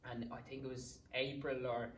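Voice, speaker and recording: A man's voice: medium pitch, level tone, a little hiss or hum. Rambling Irish man, roomy distant sound. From Ireland. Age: 20s. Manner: rambling, swears freely, quick asides. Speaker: podcast guest. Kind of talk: casual storytelling.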